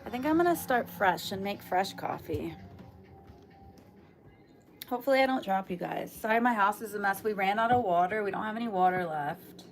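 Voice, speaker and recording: A woman's voice: medium pitch, animated, moderate pace, slight background noise. A woman hosting a casual livestream from home, chatty and greeting viewers by name, tired after just waking up. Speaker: livestream host. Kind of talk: casual live chat with viewers.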